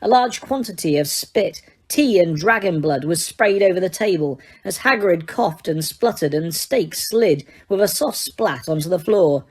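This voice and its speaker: A woman's voice: fairly low pitch, a little slow, hardly any pauses. Woman reading a storybook aloud. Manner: steady, with small slips. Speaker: audiobook reader. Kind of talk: storybook narration.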